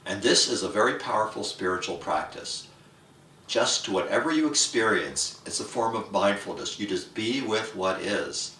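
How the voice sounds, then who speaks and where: Brief: man, lowish pitch, forceful bright tone, playful comic rant, recorded from a distance in an echoey room. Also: lively intonation, normal speed. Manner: playful, acts out inner voices in a higher pitch. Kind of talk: humorous rant to camera. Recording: roomy echo, mic at a distance.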